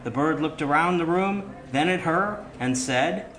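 A man with a slightly high voice co-hosts the chat, agreeing readily in short remarks. He also narrates a joke in a plain reading voice. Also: measured pace, fairly bright tone, low-quality recording. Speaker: podcast co-host and narrator. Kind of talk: casual chat.

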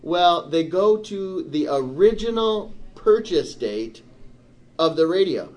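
A middle-aged man telling a story in casual chat, animated and turning indignant as he goes. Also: high-pitched, slow pace. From Michigan, USA. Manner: animated, rising to indignant outbursts. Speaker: storyteller on a talk show.

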